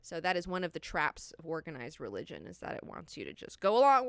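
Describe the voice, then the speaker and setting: A woman hosting a book club, recapping chapters in a profane, animated way and paraphrasing characters in slang. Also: on the low side, fast, hardly any pauses, smooth, no echo, clean studio sound.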